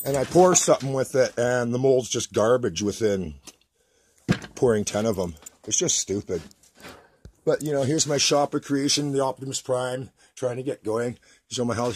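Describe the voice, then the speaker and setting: A man's voice: mid-range voice, a little hiss or hum. A Canadian man ranting to the camera in his home workshop, agitated and rambling, often repeating himself. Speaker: vlogger.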